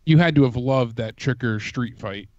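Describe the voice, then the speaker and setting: A man co-hosting a call-in show, chatting in an easygoing, halting way. His audio is slightly dull and dry. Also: mid-range voice, a little mellow, no echo. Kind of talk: casual call-in chat.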